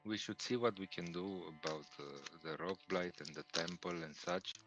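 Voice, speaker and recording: A man playing a tabletop game, speaking in a measured, deliberate way. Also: low voice, music in the background, rough recording. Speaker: player. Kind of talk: in-character tabletop chat.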